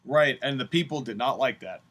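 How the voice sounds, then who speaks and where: A man co-hosting a podcast in casual chat, opinionated and animated when he retells events. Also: mid-range voice, fairly quick. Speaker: podcast co-host.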